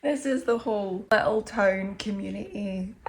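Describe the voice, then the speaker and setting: A woman's voice: mid-range voice, moderate pace, gravelly, a little hiss or hum. A woman in her thirties, drained and emotional, rambling candidly in a confessional vlog. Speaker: vlogger.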